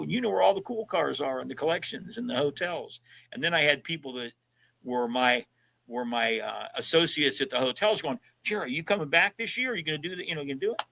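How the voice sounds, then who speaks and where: Bright-voiced older man telling road stories. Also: fairly high pitch, fast, gravelly, poor audio. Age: 70s. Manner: animated storyteller who acts out quoted dialogue. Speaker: podcast guest. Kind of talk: casual storytelling.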